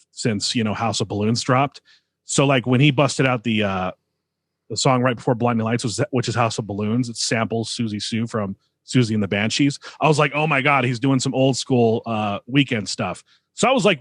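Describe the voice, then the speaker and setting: A man's voice: medium pitch, dry recording. A man co-hosting a podcast, talking in a loose, rambling way full of fillers and good-natured ribbing. His voice sits in a middle register. It is recorded close and dry, with no room sound around it. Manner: chatty, teasing, lots of fillers. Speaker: podcast co-host. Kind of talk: casual podcast chat.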